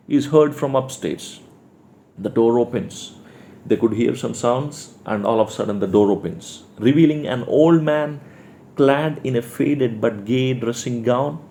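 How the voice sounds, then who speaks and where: A man's voice: medium pitch, warm tone, slight background noise. A male teacher with an Indian English accent explaining a play line by line, restating words for his class.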